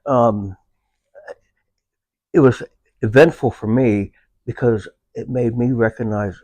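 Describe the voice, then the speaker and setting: A man speaking as a veteran guest in a casual conversation about his service dog, pausing often with fillers as he talks. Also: mid-range voice, darkish tone, no room sound. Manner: halting, unhurried, with many filler pauses.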